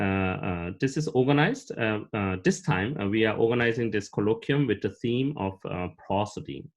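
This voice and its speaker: A man hosting an academic colloquium, introducing the speaker formally with many hesitant fillers. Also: on the low side. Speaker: colloquium host.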